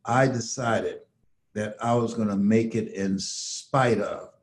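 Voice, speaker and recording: An older man from the United States, a motivational speaker telling stories as a guest, slow and emphatic like a preacher. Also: lowish voice, fairly even intonation. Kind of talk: storytelling motivational talk.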